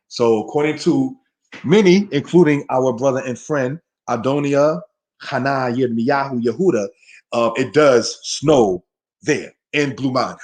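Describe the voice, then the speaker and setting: A man from the United States teaching a live online Hebrew class, conversational and calling listeners brothers and sisters, slowing down to stress key words. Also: mid-range voice.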